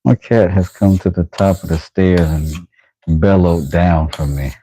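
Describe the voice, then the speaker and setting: A man's voice: steady tone, measured pace, mellow, a little hiss or hum. A middle-aged man hosting a casual woodworking livestream, chatting playfully while he sharpens a blade. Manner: playful, drifts into silly high sing-song voices. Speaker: woodworking channel host.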